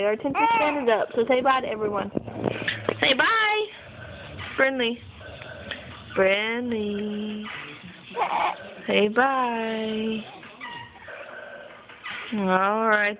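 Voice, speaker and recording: Sing-song mother cooing at her baby. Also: fairly high pitch. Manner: sing-song, coaxing, repetitive. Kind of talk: baby talk to an infant. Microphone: phone camera. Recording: tinny phone recording with background noise.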